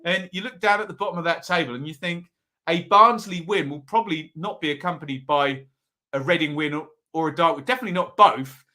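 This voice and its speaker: Male host, bright-toned, casual live-chat delivery, reads comments aloud. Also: on the high side. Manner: chatty, reads out viewer comments, quick asides. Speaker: football predictions show host. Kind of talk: live-stream chat with viewers.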